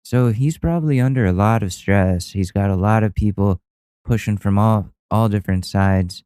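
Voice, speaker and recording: Low, dark-voiced man riffing on clips. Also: normal speed, smooth, no echo. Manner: laughing, mocking, loose and profane. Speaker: podcast host. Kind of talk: casual commentary on viral clips.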